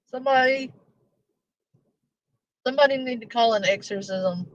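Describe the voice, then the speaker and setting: A woman chats on her live stream, rambling through jokes and swearing freely. She speaks slowly at a middling pitch. The sound is dull and lo-fi. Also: a bit bright, no echo. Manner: profane, rambling, joking. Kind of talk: casual live-stream chat.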